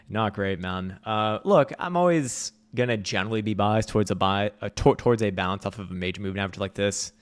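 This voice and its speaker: A man's voice: lowish voice, a little fast, clean tone. A man giving blunt, sarcastic live market commentary, swearing freely.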